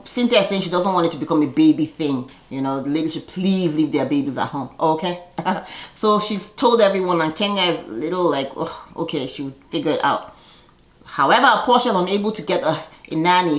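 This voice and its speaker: A woman's voice: lowish voice, expressive, a little fast, roomy sound. A woman casually recapping a reality TV episode, chatty and sassy, laughing often and acting out quoted lines.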